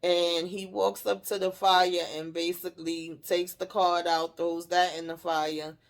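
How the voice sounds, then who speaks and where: Animated woman recapping a TV episode. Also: on the low side, a little slow. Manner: animated retelling, acts out characters' lines, laughs and swears. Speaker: TV recap host.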